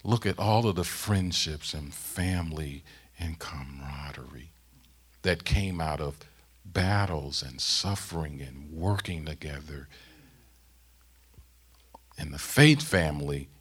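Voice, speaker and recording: Deep-voiced male preacher. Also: measured pace, husky. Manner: preaching with rising emphatic bursts, then soft closing prayer. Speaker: guest preacher. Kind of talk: sermon.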